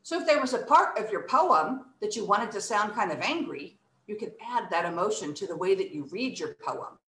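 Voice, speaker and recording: A woman's voice: mid-range voice, moderate pace. A woman in her thirties teaching children an online poetry reciting lesson, acting out emotions with her voice. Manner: animated, acts out emotions with her voice. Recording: echoey room.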